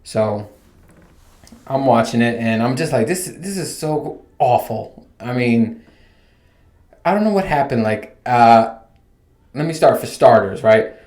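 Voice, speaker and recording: A man's voice: medium pitch, measured pace, pauses often. A man in his thirties hosting a casual solo podcast, ranting and telling stories with plenty of swearing. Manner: animated, profane, rambling storytelling. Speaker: podcast host. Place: home room with bare walls. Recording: echoey untreated room.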